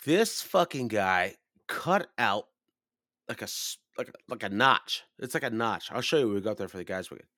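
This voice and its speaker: Man, about 30, low voice, dry close sound; swearing storyteller who rambles and blows up into high, loud rants. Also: animated, moderate pace, no echo. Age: 30s. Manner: profane, rambling, gets loud and high when ranting. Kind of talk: casual storytelling chat.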